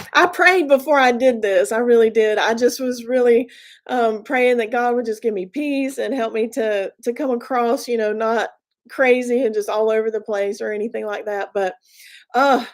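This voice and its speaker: A woman in her fifties hosting a casual live stream, chatty and earnest, rambling with fillers and restarts as she encourages her viewers. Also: a little high. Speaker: YouTube channel host. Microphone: webcam or phone live stream.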